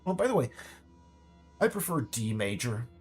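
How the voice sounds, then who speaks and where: A man's voice: medium pitch, sing-song, normal speed, soft background music. A man giving a ranting political monologue, stammering and restarting, now and then mocking others in put-on voices.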